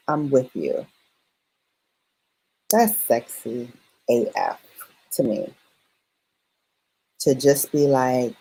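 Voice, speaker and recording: A woman's voice: a bass voice, darkish tone, slightly rough, rough recording. A woman hosting a late-night live stream, chatting casually and affectionately with viewers, laughing often and using playful slang. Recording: music in the background. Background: music playing.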